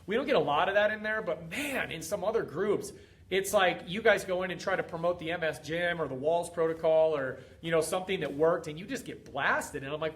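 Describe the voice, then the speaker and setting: A man's voice: fairly high pitch, fairly quick, a bit bright. A middle-aged man hosting a motivational livestream as a fitness coach, talking in an emphatic, repetitive, preachy way. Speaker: fitness coach and group host.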